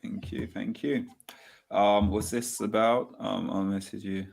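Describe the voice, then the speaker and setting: A man's voice: lowish voice, steady tone, unhurried, vocal fry, a little mellow. A man hosting a live football fan stream in a casual, effusive way, repeating his thanks and praise.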